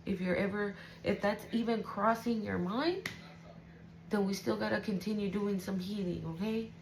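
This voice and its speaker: This tarot reader speaks at normal speed in a creaky, mid-range voice with fairly even intonation, and background noise runs underneath. Giving an intuitive reading to her viewers, she stays casual, emotional and profane, often asking "right?"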